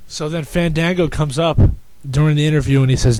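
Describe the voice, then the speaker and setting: A man hosting a podcast in casual chat, rambling and excitable with frequent restarts. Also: medium pitch, fast, hardly any pauses, no room sound, poor audio. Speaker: podcast host.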